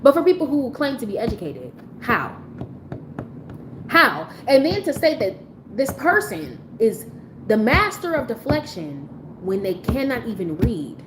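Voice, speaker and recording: A woman's voice: on the high side, big pitch swings, a little slow, background noise. A woman giving a blunt, profane commentary rant on a live stream, talking in an incredulous tone.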